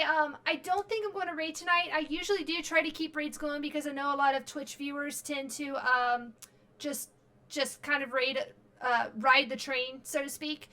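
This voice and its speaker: A high, bright woman's voice from a streamer who is worn out late at night. She rambles through casual chat, stops and starts, and fills the gaps with ums and uhs. She talks close into a desk mic. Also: fairly even intonation. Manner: rambling, halting, many fillers and restarts. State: very tired.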